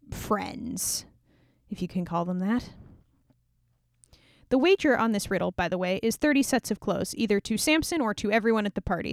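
A woman's voice: medium pitch, no room sound, clean studio sound. A young woman casually retelling an old scripture story in a chatty, irreverent way, full of sarcastic asides.

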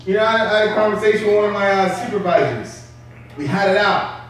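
Male pastor, animated casual preaching, slangy, distant mic, big echo. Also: sits high, fast talker, slight background noise. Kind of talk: sermon. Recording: echoey hall from far off.

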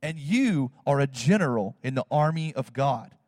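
A man, a pastor, telling a personal story in a sermon, animated and acting out what people said. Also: mid-range voice, moderate pace, clean studio sound. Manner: animated, acts out quotes in other voices, fillers like "like" and "you know". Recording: long hall reverb.

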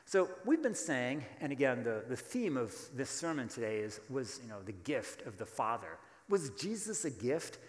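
A man's voice: mid-range voice, sing-song, normal speed, hardly any pauses, roomy sound, big-room sound. A man preaching a sermon as pastor, emphatic and full of rhetorical questions, calling on the congregation to answer.

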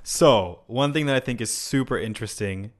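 A young man with an American accent talks in an easy, chatty way as an English teacher co-hosting a podcast. He laughs easily and keeps a relaxed, conversational flow at a middle pitch. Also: moderate pace. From United States. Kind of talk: casual podcast chat.

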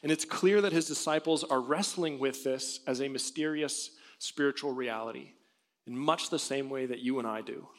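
A man's voice: medium pitch, moderate pace. A man preaching a sermon in an earnest, conversational way, reading scripture and asking rhetorical questions. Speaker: pastor. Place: church sanctuary. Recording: long hall reverb.

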